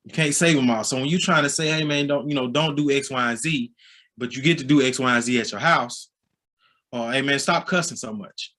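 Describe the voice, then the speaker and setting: A man in his forties, a high school basketball coach with a Southern American accent, telling stories in a casual interview and getting loud and animated as he goes. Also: brisk. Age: 40s. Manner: storytelling, gets loud and animated when excited.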